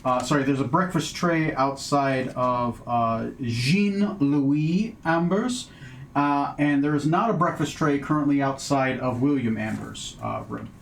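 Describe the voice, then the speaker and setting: A man runs a tabletop game, pausing and stumbling through his descriptions. His voice is gravelly and his pace slow. He is recorded in an echoey room with faint noise behind him. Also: medium pitch. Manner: halting, many filler sounds. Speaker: game master.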